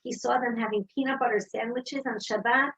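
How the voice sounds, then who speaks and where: A woman giving an inspirational talk, telling personal stories in a lively storytelling manner. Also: fairly high pitch, a little fast, slightly rough, poor audio. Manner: storytelling, warm and animated. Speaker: speaker.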